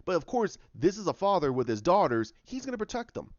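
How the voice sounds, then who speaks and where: A man's voice: high voice, very animated, a little fast, a little mellow, dry recording, lo-fi sound. A man talking casually and with strong opinions about TV shows, often repeating himself as he goes. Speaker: TV show reviewer.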